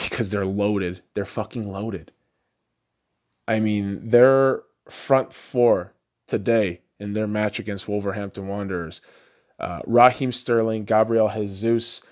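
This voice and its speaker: On his podcast, this male host riffs on sports in a casual, foul-mouthed rant. He laughs a lot, veering from quiet grumbling to loud, high-pitched excitement.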